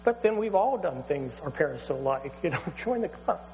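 A preacher with a high voice tells a scripture story in a relaxed, lively way. His words echo through a church hall, with a faint electrical hum in the background. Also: normal speed. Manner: conversational, animated retelling. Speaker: pastor. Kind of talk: sermon storytelling.

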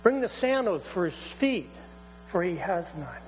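A man's voice: sits high, slow, soft background music, voice pushed up, full character voice. A preacher voicing an overjoyed, forgiving father. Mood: joyful. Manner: urgent, excited commands. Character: joyful forgiving father, older man. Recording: hall reverb, faint mains hum.

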